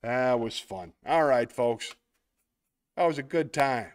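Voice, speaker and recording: A medium-pitched man with lively intonation talks slowly as he hosts a laid-back online show. Playing a word game, he thinks out loud and jokes at his own expense, ending with a warm, heartfelt goodbye to viewers.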